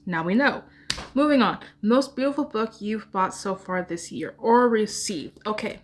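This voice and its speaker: A woman talks casually into a camera indoors, chatting as a book vlogger. She rambles, giggles and pokes fun at herself. Her voice sits at an ordinary middle pitch. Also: expressive, normal speed, slight background noise. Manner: rambling, self-deprecating, giggly. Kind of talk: casual chat.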